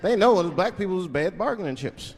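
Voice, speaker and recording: A man's voice: high-pitched, lively intonation, in a large hall. A male stand-up comedian telling stories in a loose style and drawing out his punchlines. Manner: loose, storytelling delivery with drawn-out punchlines. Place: comedy stage before a live audience. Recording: live stage recording with crowd and noise. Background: audience laughter.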